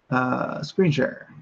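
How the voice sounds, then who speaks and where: A middle-aged man hosts a home livestream in a mid-pitched voice that sounds a little off today. He rambles through asides, fillers and restarts, then reads news items aloud. The audio is dull and lo-fi, like a home stream. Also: creaky. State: voice slightly off. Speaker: host of a livestream show. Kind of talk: casual livestream talk and reading news aloud.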